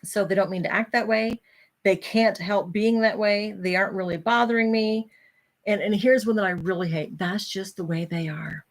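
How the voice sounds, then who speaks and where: A woman's voice: mid-range voice, moderate pace. A middle-aged woman hosting a casual talk, reading from a self-help book and chatting candidly with her viewers.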